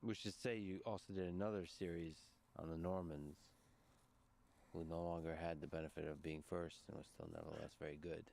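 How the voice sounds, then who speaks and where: Deep-voiced enthusiastic interviewer. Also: male voice, steady tone, brisk, gravelly, darkish tone. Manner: enthusiastic, loose questioning with fillers. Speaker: podcast interviewer. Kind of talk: conversational interview.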